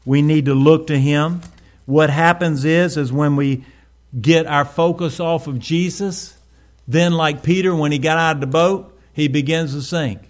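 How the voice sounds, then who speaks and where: A man's voice: on the high side, steady tone. Preacher man, rising and falling. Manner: preaching with sudden swells in volume and slowed emphasis. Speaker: pastor. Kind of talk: sermon.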